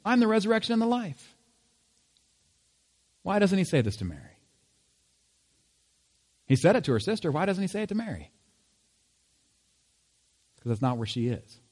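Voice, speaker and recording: A man's voice: high-pitched, sing-song, moderate pace, long pauses, a little mellow. A man preaching a sermon in a conversational tone, asking rhetorical questions. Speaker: pastor.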